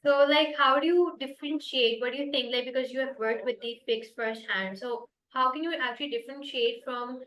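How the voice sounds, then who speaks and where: A woman's voice: high-pitched, fairly quick, few pauses, a bit bright. A woman hosting a podcast interview, reading an upbeat welcome and then asking casual questions. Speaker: podcast host. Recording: echoey room with faint music.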